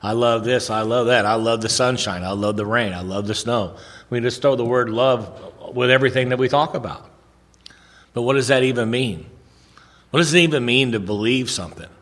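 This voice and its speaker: A man's voice: medium pitch, fairly quick, fairly bright tone, in a large hall. A man speaking at a recovery meeting, telling stories earnestly with repetitions and restarts.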